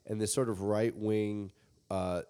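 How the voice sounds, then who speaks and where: Low-voiced man explaining politics wryly. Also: little pitch movement, measured pace, dark tone, smooth. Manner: wry, explanatory, drifts into long asides. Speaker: podcast co-host. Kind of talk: casual political chat.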